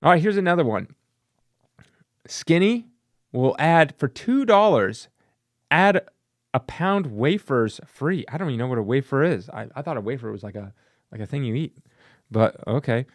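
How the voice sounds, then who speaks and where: A man's voice: mid-range voice, lively intonation, moderate pace, long pauses, dry recording. Guy reading old comic ads and roasting them, sarcastic, dry close sound. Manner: wry, sarcastic, laughs at what he reads. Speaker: comic book collector and YouTuber.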